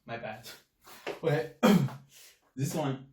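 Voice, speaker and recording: Male Chinese tutor, second-language English, slow and repetitive drilling of sounds, echoey room. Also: mid-range voice, a little mellow, a little hiss or hum. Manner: slow, repeats each sound many times. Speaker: Chinese teacher. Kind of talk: language lesson. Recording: echoey room, mic at a distance.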